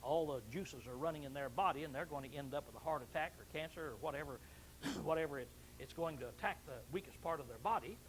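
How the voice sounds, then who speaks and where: A man's voice: fairly high pitch, fast talker, a little hiss or hum, low-quality recording. Older man preaching a folksy sermon. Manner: folksy, repeats phrases, clears throat often.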